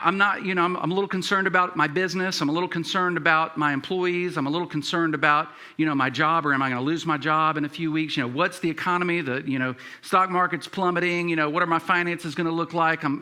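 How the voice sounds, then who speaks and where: A man's voice: fairly high pitch, fairly even intonation, fast, hardly any pauses, bright, forceful tone. A man preaching a sermon as pastor, conversational, with many fillers and restarts.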